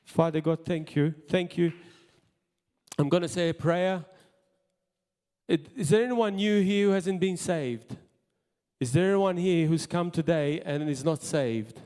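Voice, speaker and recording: Pastor guy preaching, fired up then suddenly quiet, voice pitched high, long echo tail from the church. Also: a little slow, long pauses, clear, resonant tone. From Malta. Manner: impassioned preaching, swinging from loud high bursts to quiet asides. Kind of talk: sermon. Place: church hall. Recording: long hall reverb.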